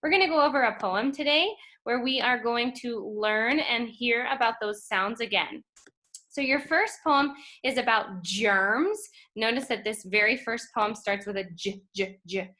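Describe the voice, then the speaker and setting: A woman teaching a phonics lesson to first graders, speaking slowly and clearly and stretching out letter sounds. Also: on the high side, pushed and bright. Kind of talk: phonics lesson for young children.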